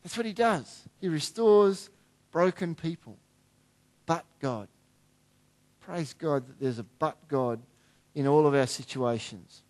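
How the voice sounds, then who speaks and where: A middle-aged man preaching a sermon in a fairly high voice. He talks to the congregation in a conversational way, shifting between hushed, quiet lines and emphatic declarations. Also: takes it slowly, long pauses. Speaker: pastor.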